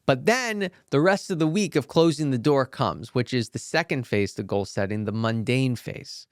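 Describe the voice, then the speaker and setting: Animated man telling a motivational story. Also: mid-range voice, moderate pace, no echo, clean studio sound. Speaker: podcast host and acting coach.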